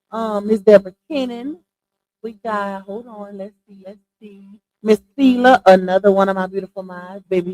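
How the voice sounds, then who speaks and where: A woman's voice: medium pitch, darkish tone, dry recording, low-quality recording. A woman hosting a casual livestream, chatty and slangy, greeting viewers one by one and laughing easily. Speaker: livestream host.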